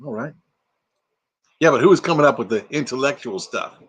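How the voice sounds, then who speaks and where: A man's voice: mid-range voice, animated, a little fast, fairly bright tone, breathy edge. A retired man in his sixties hosting a casual late-night live stream from inside an RV, sleepy and playful, rambling and slipping into silly put-on voices.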